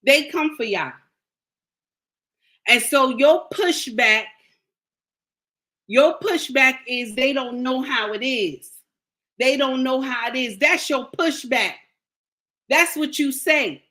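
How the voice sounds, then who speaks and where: High, bright-voiced woman preaching advice. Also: takes it slowly, pauses often. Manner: emphatic, preachy, repeats lines for emphasis; blunt and scolding, slangy. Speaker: relationship advice vlogger. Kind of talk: direct-to-camera advice monologue.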